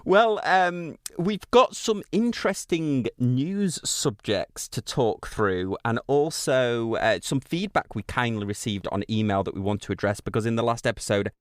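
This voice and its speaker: A man in his late thirties co-hosting a podcast, chatty and quick to laugh as he tells stories. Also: mid-range voice, no room sound, studio quality. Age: late 30s. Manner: chatty storyteller, laughs easily. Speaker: podcast co-host. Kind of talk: casual chat.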